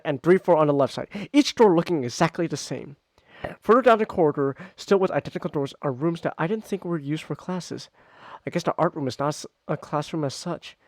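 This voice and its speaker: A man's voice: a little high, dry recording. A man streaming a visual novel, reading the narration aloud and chatting casually, repeating himself as he goes. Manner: rambling and animated, repeats words.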